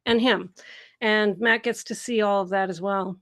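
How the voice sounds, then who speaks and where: Speaking at a moderate pace with medium pitch and fairly even intonation, a middle-aged Seattle-area woman from the USA hosts a live Q&A stream. She greets viewers and reads their comments in a bubbly way, laughing often.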